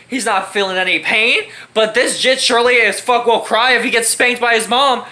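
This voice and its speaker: A man's voice: very high-pitched, moderate pace, few pauses, bright, forceful tone. A young man telling a funny story in a casual, slangy, profane way, often laughing. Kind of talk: casual anecdote.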